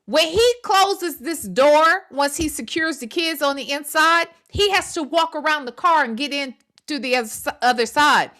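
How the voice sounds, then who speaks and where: High bright-voiced woman, blunt and profane. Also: lively intonation, a little slow. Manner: repeats phrases for emphasis. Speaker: gossip commentary host. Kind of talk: reaction commentary on a video clip.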